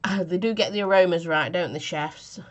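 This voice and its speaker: A woman's voice: on the low side, normal speed. A woman chatting casually through a vape flavour review, giggly and self-mocking, with a cough from a chest infection.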